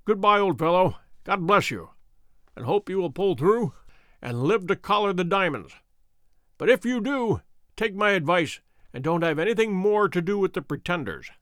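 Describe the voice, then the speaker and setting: A comrade says a friendly, plain-spoken goodbye before battle, as a male reader voices him. The voice sits a little higher than most men's. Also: animated, normal speed, a bit bright, no room sound, studio quality. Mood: fond. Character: departing male comrade giving blunt advice.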